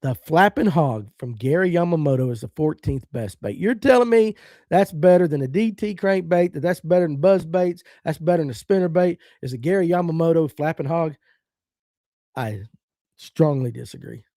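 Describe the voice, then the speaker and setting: Blunt middle-aged man with mellow voice. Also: fairly high pitch, expressive, normal speed, no echo, clean studio sound. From American South. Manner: opinionated, blunt, reads viewer comments aloud. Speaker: fishing podcast host. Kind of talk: casual live-stream chat.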